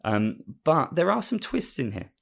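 A man's voice: on the high side, sing-song, moderate pace, vocal fry. A man casually recapping a story as host, rambling with lots of fillers and laughing at himself. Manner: rambling, with many fillers and restarts, and amused.

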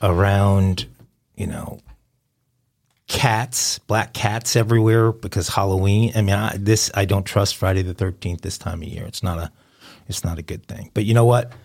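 Un homme qui co-anime un podcast en bavardage décontracté, hésitant et blagueur. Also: male voice, deep voice, steady tone, normal speed, creaky, a little mellow. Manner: rambling, hesitant, joking. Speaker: co-host. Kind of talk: casual podcast banter.

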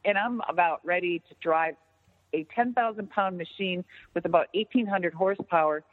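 A woman telling a story in casual chat, animated and profane, often jumping into an excited high voice. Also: moderate pace. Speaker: podcast guest. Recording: tinny phone-line sound with long reverb.

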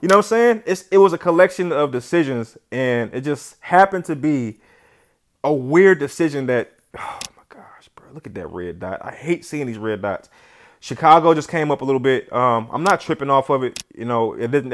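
A gamer narrates his own football video game session in a chatty, slangy way, lurching between loud yelling and quiet muttering.

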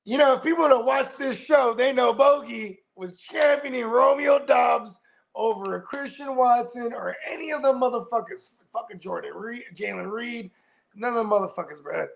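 A man's voice: very high-pitched, moderate pace, vocal fry. A man in casual, profane, slangy chat as a co-host on a fantasy football show.

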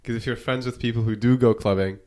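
A man's voice: mid-range voice, steady tone, fast, darkish tone. A man in casual podcast chat, rambling with lots of "like" and casual swearing. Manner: casual, fills with "like", swears freely. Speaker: podcast guest.

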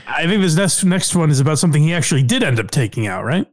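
A man's voice: a little high, sing-song, quick pace. A man hosting a podcast, chatting casually, laughing often and swearing freely. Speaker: podcast host. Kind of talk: casual chat.

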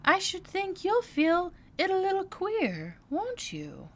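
A polite, bewildered young girl, voiced by a woman in a read-aloud storybook. The voice is very high and swoops up and down, shy and earnest, with her words stretched out slowly. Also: huge pitch swings, a bit bright, exaggerated voice. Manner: polite, shy, sometimes flustered.

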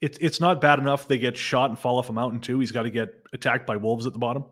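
A man's voice: medium pitch, steady tone, fast talker, a bit bright. A man co-hosting a casual movie review podcast, joking in a sardonic way. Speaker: podcast co-host.

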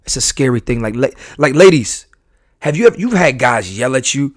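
A man at a middle pitch talks straight into a dry, close mic on his podcast. He speaks emphatically, circling back over his own phrases as he works out a thought. His voice jumps from loud bursts to low, quiet asides. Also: lively intonation, brisk, no room sound. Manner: emphatic, repeats and restarts phrases. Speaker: podcast host. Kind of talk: candid podcast monologue.

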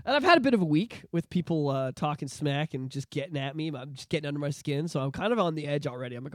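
A man hosts a casual podcast, spinning animated stories full of restarts and asides. His voice sits high for a man and he rattles along at a quick clip. The sound is dry and close on a studio mic. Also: no echo. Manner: rambling, animated storyteller with many restarts. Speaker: podcast co-host.

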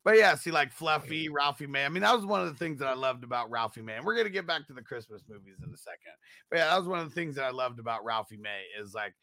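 A man hosting a relaxed podcast conversation, his voice bright and forward. He talks loosely, laughs easily and swears without care. The sound is dry and close, with no room around it. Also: medium pitch, fast, no room sound. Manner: laid-back, laughs often, swears freely. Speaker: podcast co-host. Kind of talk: casual chat.

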